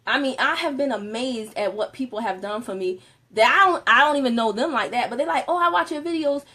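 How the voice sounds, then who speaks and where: High-voiced, animated woman on a live stream. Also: fairly quick. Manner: animated, laughing, chatty with viewers. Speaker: Facebook Live host. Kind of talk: casual live-stream talk.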